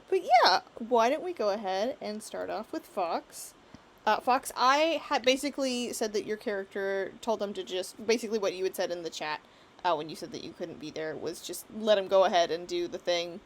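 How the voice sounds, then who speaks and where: A woman's voice: medium pitch, fairly quick, slight background noise. A woman narrating as game master on a live stream, chatty and giggly with lots of fillers.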